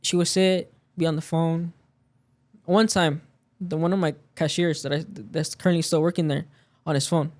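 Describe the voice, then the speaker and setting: High-voiced man telling a work story. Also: little pitch movement, moderate pace. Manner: storytelling, acts out quoted dialogue. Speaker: podcast guest. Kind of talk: casual chat.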